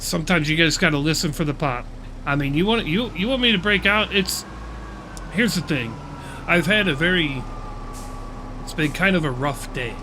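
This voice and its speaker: A man's voice: fairly high pitch, expressive, normal speed, long pauses, background noise. A middle-aged American man hosting a livestream, ranting and swearing at his chat in casual, laughing banter. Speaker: livestream host.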